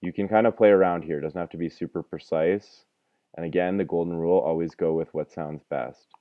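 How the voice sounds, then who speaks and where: A man's voice: low voice, steady tone, a little fast, no room sound. A young man teaching an audio lesson in a chatty, self-deprecating way, rambling with fillers, recorded with a dry, thin, phone-like sound. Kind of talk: casual screen-recorded tutorial.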